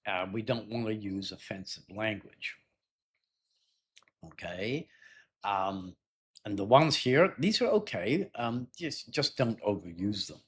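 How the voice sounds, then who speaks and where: A middle-aged man teaches IELTS speaking in a live, chatty lesson, pausing to ask "yeah?" and "right?" and acting out sample dialogues in a raised voice. His voice is lowish, animated, slow and fairly bright, with slight background noise.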